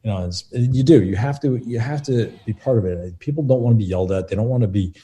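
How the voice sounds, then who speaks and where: A middle-aged man, a film assistant director, telling lively anecdotes in an interview and acting out what others said. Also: fairly low pitch, fast talker. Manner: animated, acts out quotes of others.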